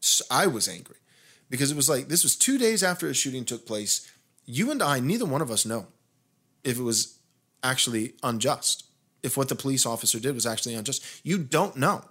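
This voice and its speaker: Brisk and husky, this American man's medium-pitched voice carries a long story on the podcast he hosts as a pastor. The casual telling gets more heated as indignation builds, and he keeps restarting his sentences.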